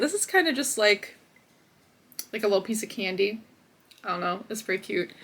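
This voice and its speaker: A woman's voice: medium pitch, creaky, fairly bright tone. A young woman hosting a crochet video, chatting casually and upbeat from her home office with lots of fillers. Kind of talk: casual vlog chat.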